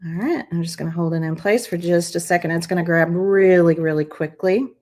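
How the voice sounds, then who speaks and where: On her craft channel's live stream, a woman demonstrates each step and chats along the way. Her voice is on the low side and a little mellow, moving fairly quickly as she encourages viewers and talks them through it.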